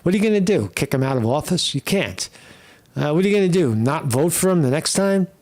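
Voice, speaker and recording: A man's voice: fairly high pitch, expressive, a little fast, darkish tone. A man hosting political commentary, blunt and scornful, swearing often as he reacts to clips. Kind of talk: opinionated commentary over clips.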